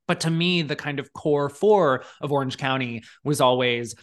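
A man's voice: medium pitch, normal speed. Chatty guy hosting his podcast, gushy, lots of likes and ums. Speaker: podcast host. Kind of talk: casual chat.

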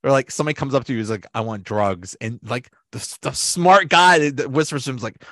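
A man's voice: mid-range voice, lively intonation, quick pace, a bit bright, no echo, studio quality. A man hosting a podcast in casual chat, talking loosely, laughing often and acting out quotes. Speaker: podcast host.

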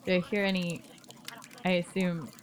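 A woman's voice: on the low side, little pitch movement, normal speed. A woman playing a tabletop game, eagerly asking questions. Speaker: player.

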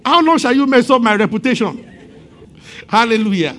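A man's voice: very high voice, normal speed. A man preaching a sermon, retelling a story with acted-out voices and frequent laughter. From Nigeria. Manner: animated storytelling, acting out voices and laughing often. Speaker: pastor.

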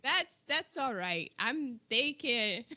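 A woman with a high, sharp, bright voice reacts animatedly on a movie podcast, her pitch jumping around. She tosses in quick exclamations. The recording sounds dull and lo-fi. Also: expressive. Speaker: podcast co-host. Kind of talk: casual movie chat.

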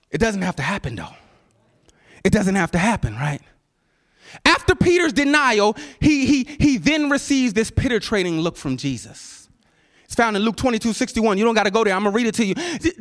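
A man preaching with a high, highly animated voice. He climbs into shouted peaks, then drops to near whispers, repeating words as he drives each point home. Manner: dramatic preaching, swinging from shouts to hushed whispers; conversational, repeats words for emphasis. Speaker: pastor. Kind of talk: sermon.

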